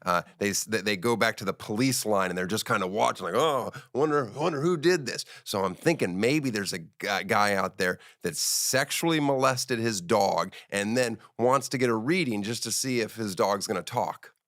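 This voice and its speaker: A man's voice: on the low side, normal speed, hardly any pauses, fairly bright tone, no room sound, clean studio sound. A man hosting a casual comedy chat who rambles, stumbling and restarting his sentences.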